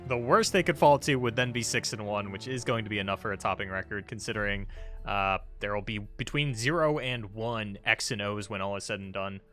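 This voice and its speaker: A man casting a card game tournament, breaking down plays quickly and thinking out loud. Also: lowish voice, soft background music. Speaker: esports caster. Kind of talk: live tournament commentary.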